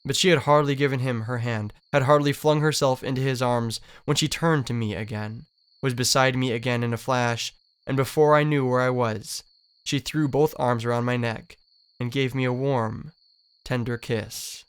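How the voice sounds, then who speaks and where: A man's voice: medium pitch, fairly even intonation, normal speed, smooth, natural voice. A man reading as a lovesick, lonely young male dreamer, with an earnest, wistful literary delivery. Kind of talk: dramatic reading of a novel.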